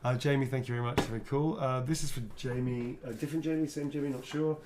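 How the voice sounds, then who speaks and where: A man chatting casually while he signs autographs on a livestream. He teases playfully, swears freely, chuckles often and drops to a quiet mutter while he draws. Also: medium pitch, steady tone, fast, noisy background. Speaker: actor signing autographs on a livestream. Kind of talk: casual chat while signing.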